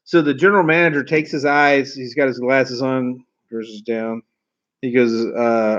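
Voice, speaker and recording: A man in his 40s, a car sales trainer, tells rambling, salty stories to camera in a folksy way, swearing as he goes. His mid-range voice is a bit bright, with fairly even intonation and a moderate pace. The recording is dull and lo-fi.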